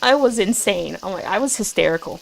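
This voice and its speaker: A young woman streaming as a VTuber, chatting casually and self-deprecatingly, giggling often and bursting into excited quoted asides. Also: medium pitch, brisk, vocal fry, slight background noise, low-quality recording. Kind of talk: casual chat.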